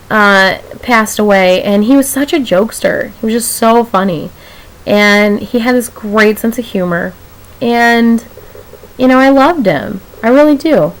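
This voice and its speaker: A woman's voice: medium pitch, rough recording. A young woman talking to camera in a casual vlog, rambling and emotional, laughing often as she talks. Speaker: vlogger.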